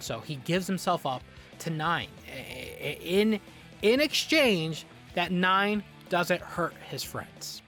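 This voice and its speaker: A man's voice: sits high, slow pace, soft background music. A man giving casual review commentary, exasperated and ranting, swearing freely and often repeating and restarting his words. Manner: animated, frequent restarts and repetitions. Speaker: video reviewer.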